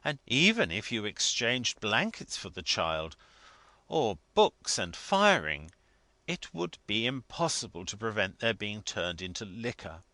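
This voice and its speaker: A man's voice: lowish voice, big pitch swings, a little slow, bright, forceful tone, no room sound, heavily acted. A man doing an anxious, obliging clergyman. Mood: perplexed. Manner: earnest, hesitant. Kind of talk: audiobook character reading.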